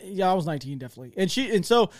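A man's voice: high-pitched, very animated, very fast. A young man telling a military story on a podcast in a rambling, self-interrupting way, acting out the voices in it. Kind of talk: casual storytelling chat.

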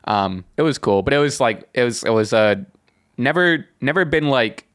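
A young man rambles through a casual podcast story, circling back with fillers and restarts. His voice is mid-pitched and close on a dry podcast mic. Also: animated, normal speed, fairly bright tone, no room sound. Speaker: podcast co-host.

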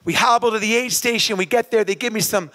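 A man telling a motivational story on stage in a lively, animated way that builds to shouting. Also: high voice, fast. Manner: animated, rising to shouts at the climax. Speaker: motivational speaker. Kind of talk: live motivational storytelling talk.

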